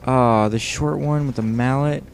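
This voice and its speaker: A man's voice: medium pitch, steady tone, moderate pace, gravelly. A tired man giving casual, rambling commentary over a video game, joking and swearing often. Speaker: let's play host.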